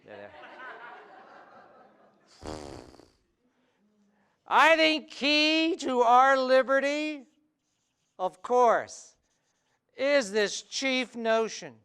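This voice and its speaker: Wry, high-voiced middle-aged man. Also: fairly bright tone, clear, resonant tone. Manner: playful, quick-witted, wry asides. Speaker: cartoonist and speaker. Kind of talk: humorous live talk. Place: event hall before an audience.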